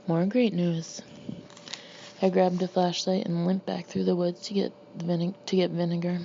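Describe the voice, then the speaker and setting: A woman reading her own memoir aloud in a dry, deadpan, sardonic way. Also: fairly low pitch, normal speed, gravelly. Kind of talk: audiobook narration. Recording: slightly muffled with faint hiss.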